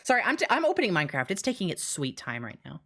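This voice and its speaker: A young woman streaming live, out of breath and rushing through an excited walkthrough of her game mode, laughing between phrases. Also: on the low side.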